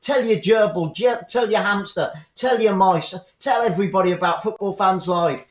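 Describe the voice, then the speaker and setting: Chatty high-voiced male commentator. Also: normal speed. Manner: chatty, upbeat, greets viewers by name. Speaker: football commentator and channel host. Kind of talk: live fan commentary stream. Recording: echoey room, dull lo-fi sound.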